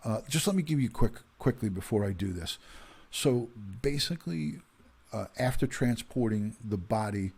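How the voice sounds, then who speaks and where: A man's voice: on the low side, expressive, moderate pace, gravelly, darkish tone, breathy edge. A man in his fifties, a retired detective hosting a casual livestream, chatting with viewers and greeting them by name with plenty of ums and uhs. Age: 50s.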